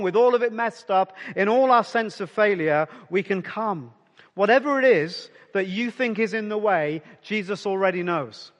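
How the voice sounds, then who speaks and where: A pastor delivers a conversational sermon to his congregation, his voice sitting high for a man. He speaks personally and directly, often dropping to a soft near-whisper to press a point home. A long reverb trails each phrase, and the highs are cut off.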